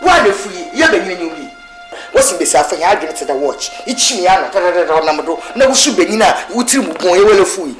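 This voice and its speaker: A woman with a Ghanaian Twi accent playing a mother who scolds her son in a lively, sing-song way. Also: fairly low pitch, quick pace, lightly acted. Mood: scolding. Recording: film audio over loud music.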